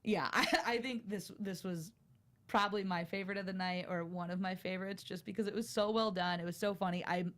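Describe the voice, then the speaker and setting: A woman's voice: mid-range voice, steady tone, brisk, a bit bright. Chatty woman talking over last night's sketch show, lots of likes and laughs. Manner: chatty, laughs often, many fillers. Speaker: co-host of a TV review show. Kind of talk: casual review chat.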